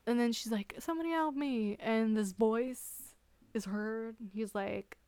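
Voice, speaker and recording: A woman with a fairly high voice hosts a podcast, speaking slowly and smoothly close to the mic with no room sound. She recaps a book in casual, animated chat, full of sarcasm and frequent laughter.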